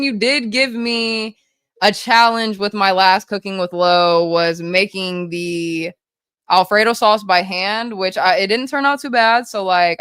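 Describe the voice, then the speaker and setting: Hyper woman streamer rattling off chat, smooth clear voice, mid pitch, cusses a lot. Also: a bit bright, no room sound. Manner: hyper, rapid-fire, swears casually. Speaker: livestreamer. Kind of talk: casual livestream chat reading.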